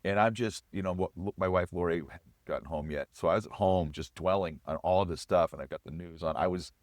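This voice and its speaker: Guest, male, 40s, low voice, reflective testimony, dry recording. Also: fairly quick, no room sound. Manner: earnest, reflective storytelling with frequent restarts. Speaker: guest, chef. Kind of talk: personal testimony in an interview.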